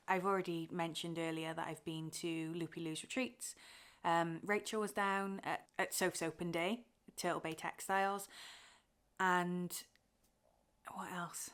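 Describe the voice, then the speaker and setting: A woman's voice: fairly low pitch, a bit bright, clear, resonant tone. A young woman from Wales chatting casually to camera about her cross-stitch, talking openly and getting emotional, with fillers and laughs.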